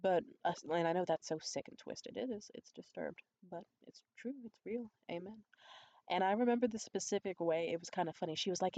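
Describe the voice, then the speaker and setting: A woman's voice: fairly quick, muffled recording. A young adult woman vlogger telling a candid, profane story in a conspiratorial way. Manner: acts out quoted voices high and loud. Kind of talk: storytime vlog.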